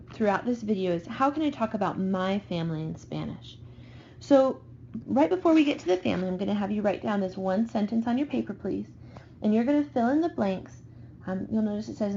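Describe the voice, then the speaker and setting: A woman teacher calmly talking students through vocabulary slides, slowing down on new words. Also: medium pitch, vocal fry, dull audio, a little hiss or hum. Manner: patient, slows down for vocabulary. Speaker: Spanish teacher. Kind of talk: recorded classroom lesson over slides.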